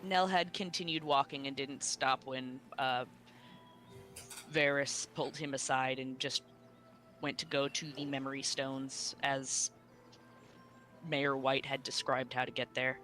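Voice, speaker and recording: A man's voice: medium pitch, flat delivery, unhurried, bright, forceful tone, faint music behind. A man playing a tabletop game, chatting bluntly and casually and swearing freely. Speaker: player.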